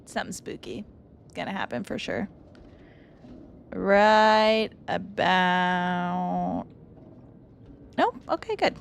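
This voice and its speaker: With a lowish, sing-song voice, a young woman speaks slowly and creakily, leaving long pauses, in a clean recording. She's streaming a horror game over faint music, giving casual commentary full of blunt swearing and joking asides.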